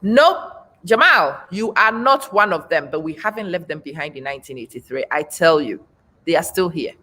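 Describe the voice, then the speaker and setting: A woman's voice: low voice, lively intonation, brisk, sharp tone. Blunt, emphatic woman host. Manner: emphatic, repeats points for effect; blunt, frank. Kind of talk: live-stream talk, reading viewer comments.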